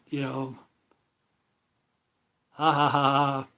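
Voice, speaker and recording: A man's voice: a little high, moderate pace. A man hosting a casual livestream, talking in a rambling, profane way with many fillers. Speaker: livestream host.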